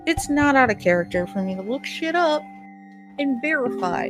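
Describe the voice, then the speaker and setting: This casual solo podcast features a woman host ranting bluntly, cursing a lot, and laughing at what she says. She has a high voice with lively intonation and a moderate pace, with music playing underneath.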